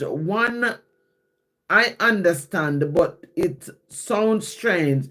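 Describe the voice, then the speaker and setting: A man's voice: fairly high pitch, takes it slowly, fairly bright tone. A man from Jamaica with a Jamaican accent, chatting casually on a phone live stream and reading his poetry, explaining and repeating lines as he goes.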